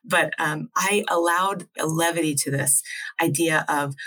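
A New Jersey woman, an acupuncturist, co-hosts a casual video chat, rambling and often restarting her sentences. Her voice is low and bright-toned, and she speaks without hurry. The recording quality is low.

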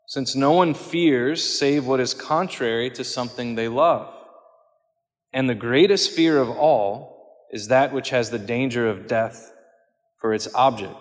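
Earnest man preaching in a reverberant hall. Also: mid-range voice. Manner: measured and earnest, slowing for quoted words. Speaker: priest. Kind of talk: homily on scripture.

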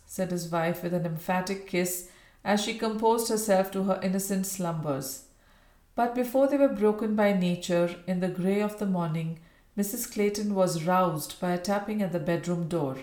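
A woman narrating a Victorian novel as an audiobook, in a measured, even reading. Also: lowish voice. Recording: roomy echo.

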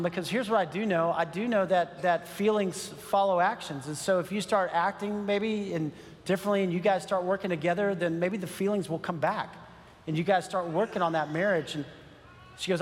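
High-voiced man preaching in a reverberant hall. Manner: earnest, builds to emphatic preaching. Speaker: pastor. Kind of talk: sermon with personal story.

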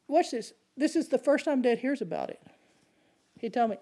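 Woman preaching, lively storytelling. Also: sits high, moderate pace. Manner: animated personal storytelling with laughs. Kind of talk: sermon storytelling.

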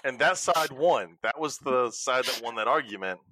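Podcast host, bright and lively, swears freely while telling stories, dry close mic. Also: male voice, mid-range voice, normal speed, no room sound. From Louisiana. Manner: animated storytelling with swearing. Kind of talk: casual chat.

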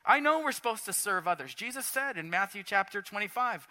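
A middle-aged man preaching a sermon in a church, animated and swinging between quiet talk and shouts. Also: sits high, brisk. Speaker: pastor. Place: church sanctuary.

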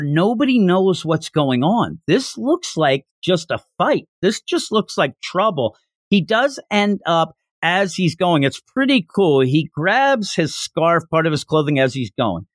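A man hosting a podcast, retelling a chapter in an animated, enthusiastic way. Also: fairly high pitch, no echo, studio quality. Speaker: podcast host. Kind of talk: casual chapter recap.

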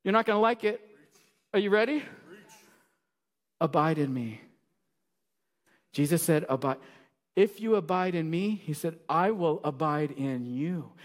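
High-voiced preaching man in an echoing hall. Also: a little slow. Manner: animated preaching with sudden loud bursts and quiet drops. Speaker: pastor. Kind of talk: sermon. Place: church sanctuary. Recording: long reverb of a large hall.

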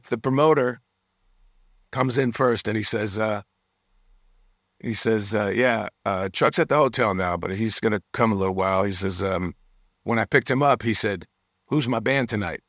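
A man's voice: medium pitch, a bit bright, no echo, studio quality. A man telling a story as a guest musician in a casual interview, acting out the people he quotes and laughing often. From United States.

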